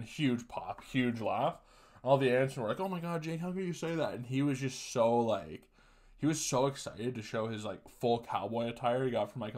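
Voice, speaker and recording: A man in his twenties hosting a podcast, telling casual profane stories on his own and laughing through them. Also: medium pitch. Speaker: podcast host. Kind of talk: casual solo storytelling.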